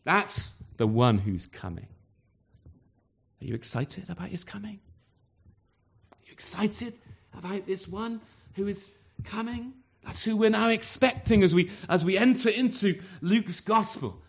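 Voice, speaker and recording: Male preacher, high and animated voice, sermon delivery, lots of rhetorical questions, local church setting. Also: unhurried, creaky, pauses often. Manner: lively, full of rhetorical questions and acted-out exchanges.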